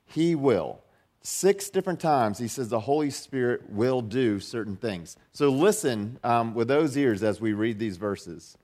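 A man's voice: mid-range voice, animated, unhurried, darkish tone. A man preaching a sermon as pastor, talking in a loose conversational way with frequent restarts, lifting his voice when he reads and repeats key lines. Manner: conversational, many restarts and fillers, rising emphasis on quotes.

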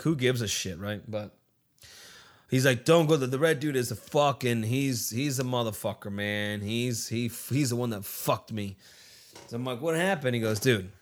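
A man's voice: mid-range voice, fairly bright tone. A man casually telling a long anecdote, rambling and swearing often, and acting out what his friends said. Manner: rambling, profane, acts out quoted friends. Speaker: storyteller.

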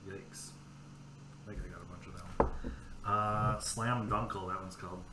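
Bright-toned man telling rambling stories. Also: on the low side, fairly even intonation, moderate pace, roomy sound, slight background noise. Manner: profane, rambling anecdotes. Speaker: podcast host. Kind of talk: casual storytelling chat.

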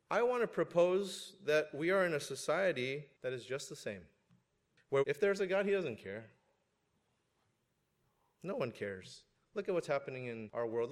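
A male pastor preaching a sermon, animated and joking at times, swinging up to loud emphasis. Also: mid-range voice. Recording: long hall reverb.

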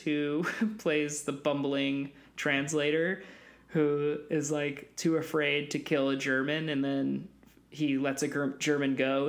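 A man co-hosting a movie podcast in casual chat, laid-back, with chuckling asides. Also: a little high. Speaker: podcast co-host.

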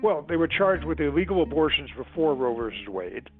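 A man's voice: a little high, sing-song, brisk, slightly rough, faint music behind. A man, a lawyer, answering an interview question in a conversational way with small hesitations. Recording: tinny phone-like line.

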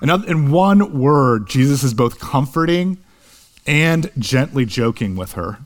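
A young man preaching a sermon in an earnest way, slowing down on key words and rising at the high points. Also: lively intonation. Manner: earnest, slows for emphasis, rises in pitch at high points. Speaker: pastor.

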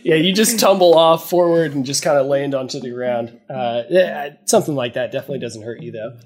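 A man's voice: mid-range voice, brisk. A man narrating as game master of a tabletop role-playing game, loose and giggly with frequent restarts.

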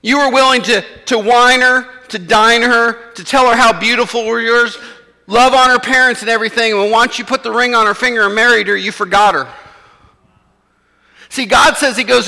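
A man's voice: extremely high pitch, steady tone, normal speed, creaky, bright, forceful tone, big-room sound. A man, preaching a sermon in a church in a conversational way and acting out the voices of his listeners. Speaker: pastor.

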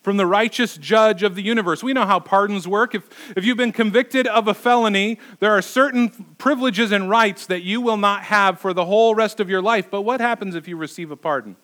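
A man's voice: sits high, fairly quick, hardly any pauses, fairly bright tone. A man preaching as a pastor, conversational and emphatic, asking his listeners rhetorical questions. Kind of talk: sermon.

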